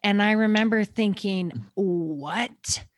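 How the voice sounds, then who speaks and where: A woman tells her own family story on a podcast, earnest and quick, her words sometimes tumbling over each other. She sounds close to tears at moments. The recording is dry and close. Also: fairly low pitch, no room sound. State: near tears. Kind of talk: emotional personal storytelling.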